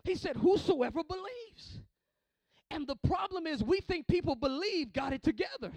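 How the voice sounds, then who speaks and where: A male pastor preaching a sermon, calling out to the congregation and swinging from hushed storytelling to shouting. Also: very high voice, lively intonation, brisk, no room sound.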